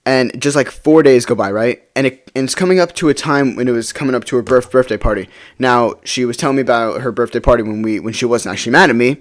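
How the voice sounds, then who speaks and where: A young man rambles through a casual storytime vlog. He talks fast and keeps tagging his sentences with "right?". His pitch sits mid-range for a man. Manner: rambling, many fillers like "right?".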